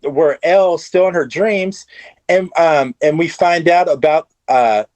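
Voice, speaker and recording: A man guest on a podcast, recapping a show excitedly with lots of fillers. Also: fairly high pitch, measured pace, no room sound. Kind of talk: casual chat.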